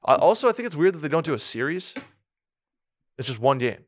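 A man's voice: a little high, sing-song, a little fast, a little hiss or hum. A man co-hosting a casual sports podcast, rambling with lots of restarts and fillers. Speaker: podcast co-host. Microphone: studio mic with a soundboard.

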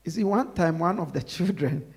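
A man's voice: a little high, expressive, moderate pace, creaky, breathy edge. A male preacher giving a sermon, repeating his points with emphasis and asking the congregation to finish his sentences.

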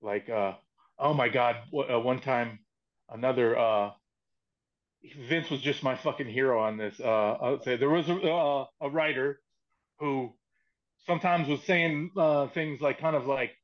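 A man's voice: medium pitch, a little slow, dull audio. A man who is a guest on a podcast, telling stories in a rambling, profane way, acting out quotes and laughing often. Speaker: podcast guest, former wrestling writer and comedian. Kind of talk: casual storytelling chat.

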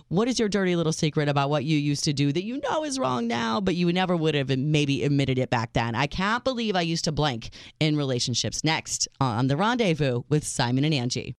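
A woman's voice: low voice, animated, a little fast, few pauses, no echo, studio quality. A woman co-hosting a late-night dating call-in radio show, chatty and playful, repeating the phone number for callers. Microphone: studio microphone.

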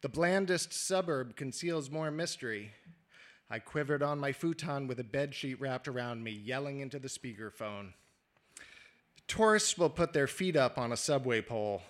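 A man reading his own prose aloud at a live literary reading, measured and wry. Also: medium pitch.

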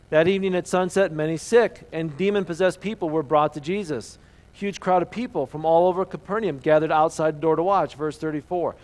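Earnest pastor preaching, fairly high voice. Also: male voice, poor audio. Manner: earnest, asks the listeners questions, drops to a hushed voice for emphasis. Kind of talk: sermon.

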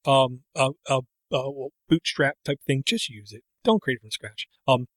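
A man's voice: mid-range voice, animated, normal speed, fairly bright tone, no room sound. A middle-aged man co-hosting a casual chat, rambling and breaking off into tangents. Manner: rambling, self-interrupting, tangents. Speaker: podcast co-host.

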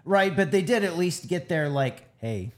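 A man's voice: sits high, moderate pace. A man in a casual film chat, chiming in with emphatic, profane reactions.

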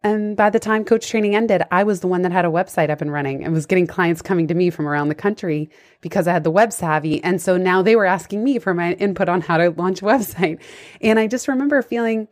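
A woman's voice: fairly low pitch, fast. A woman who works as a life coach, hosting a conversational interview over a video call and talking in an enthusiastic, reflective way.

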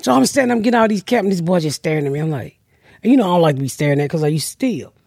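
A woman's voice: on the low side, lively intonation, racing, gravelly, darkish tone, breathy edge, no echo, clean studio sound. A woman podcast host telling brash, profane stories in casual comedic chat, acting out the people she quotes.

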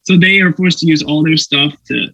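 A man's voice: fairly high pitch, steady tone, a little fast, gravelly, bright, forceful tone, no room sound, low-quality recording. A young man from Canada, an actor guest, telling anecdotes animatedly with laughs and put-on voices. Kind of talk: casual storytelling interview.

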